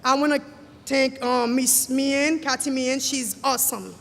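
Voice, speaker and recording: A nervous graduate giving a halting thank-you speech, stumbling over names. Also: sits high, flat delivery, fairly bright tone, big-room sound.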